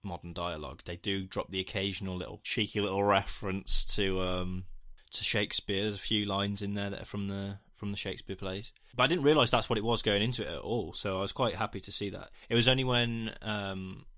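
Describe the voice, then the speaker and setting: A man's voice: on the low side, steady tone, brisk, few pauses, pushed and bright, no room sound, studio quality. A man co-hosting a casual film review chat, rambling with jokey asides and casual swearing. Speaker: podcast co-host.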